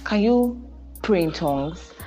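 A woman's voice: on the low side, lively intonation, unhurried, mellow, soft background music. A young Nigerian woman hosting a podcast, speaking in an earnest, preachy way with emphatic repetition about faith and marriage. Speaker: podcast host. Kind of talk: casual monologue on faith and marriage.

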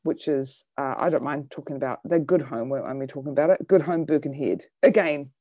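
Deep voiced woman comic rambling thru a story, dry close sound, chatty. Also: brisk, mellow, no room sound. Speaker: comedian and bingo host. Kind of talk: casual chat.

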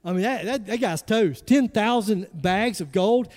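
A male pastor, preaching an animated, emphatic sermon full of rhetorical questions. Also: high-pitched, unhurried. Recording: long hall reverb.

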